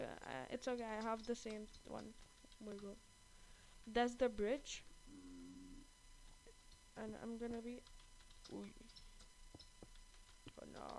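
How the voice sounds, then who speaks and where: A woman giving excited gameplay commentary, gasping and repeating her exclamations often, with her face kept off camera. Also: fairly high pitch, vocal fry, slight background noise, poor audio. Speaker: gaming channel host. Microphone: off-camera voice-over during gameplay.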